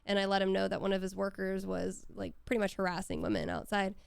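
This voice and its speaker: A woman talks casually on a live stream from home, spinning animated stories and swearing freely. Her voice carries a gravelly edge yet stays remarkably clear. The sound is dry and close, with no room around it. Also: mid-range voice, fast talker, dry recording. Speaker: voice actor signing on stream.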